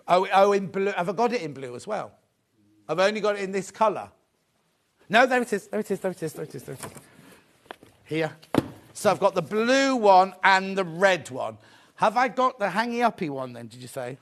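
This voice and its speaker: A man hosting a live shopping show, chatty and excitable, often repeating his phrases. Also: sits high. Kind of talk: live sales presentation.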